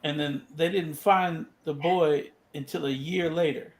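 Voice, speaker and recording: A man's voice: on the high side, steady tone, measured pace. A man joining a casual livestream, chatting and retelling a news story in a matter-of-fact way. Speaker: livestream guest.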